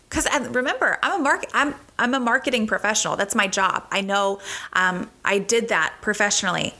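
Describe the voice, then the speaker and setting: A young woman from the United States talks through her faith in an earnest, conversational teaching style. Her voice is bright and clear and sits in a middle pitch. She builds emphasis by repeating short phrases. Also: a little fast. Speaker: Christian teacher.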